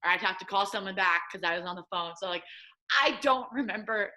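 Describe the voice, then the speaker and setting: A bright-voiced, brisk young woman with an American Midwest accent, a guest who works as an assistant soccer coach, tells a story in a casual storytelling interview. She's an animated storyteller who acts out quotes in a high, excited pitch.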